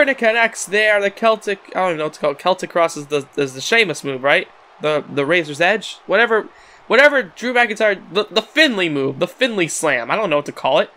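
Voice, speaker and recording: High, bright-voiced excitable game commentator. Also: male voice, fairly quick. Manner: excitable, stumbles and repeats words. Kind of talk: casual play-by-play commentary.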